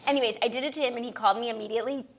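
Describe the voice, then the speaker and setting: A woman's voice: a little high, fairly even intonation, very fast, a little hiss or hum. A woman co-hosting a podcast, trading playful banter in casual chat. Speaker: podcast co-host.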